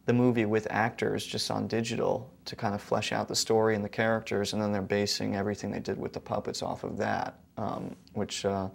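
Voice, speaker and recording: A man's voice: lowish voice, flat delivery, a little fast, gravelly, few pauses. A young male actor talking casually and thoughtfully in an interview, earnest with small hesitations.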